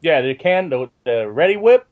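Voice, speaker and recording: A young man with a high voice tells a rambling, profane story in casual conversation. He gets animated as the story builds. The recording sounds dull and lo-fi. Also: normal speed. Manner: rambling and profane, animated when telling stories. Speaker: podcast co-host.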